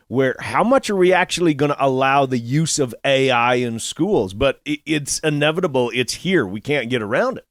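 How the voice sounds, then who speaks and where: A man's voice: medium pitch, fairly bright tone, dry recording, studio quality. A man co-hosting a show, teasing his partner and giving opinions in casual chat. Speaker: co-host.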